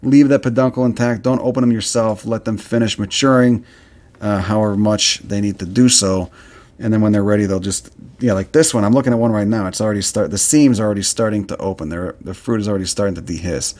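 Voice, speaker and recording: A man's voice: fairly low pitch, fast talker, darkish tone. A man hosting a solo podcast, ranting in a heated, profane, worked-up way while talking about a plant he is looking at. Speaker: podcast host. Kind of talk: casual solo podcast rant.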